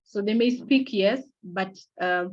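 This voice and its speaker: A middle-aged woman giving an online awareness lecture in a measured, explanatory way, pausing often on fillers and restarting her sentences. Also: mid-range voice, highs cut off. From Kenya. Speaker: webinar presenter. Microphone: video call.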